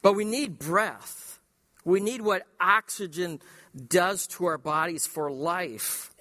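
Pastor, male, slow deliberate delivery, slightly high voice, long church reverb. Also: bright, forceful tone. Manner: emphatic preaching with repetition and slow dramatic pauses. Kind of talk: sermon. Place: church sanctuary.

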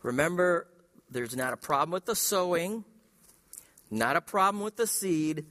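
A man's voice: fairly high pitch, expressive, sharp tone. A man preaching a sermon as pastor, emphatic and repetitive, in a church sanctuary. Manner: emphatic preaching with repetition and slow dramatic pauses. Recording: long hall reverb.

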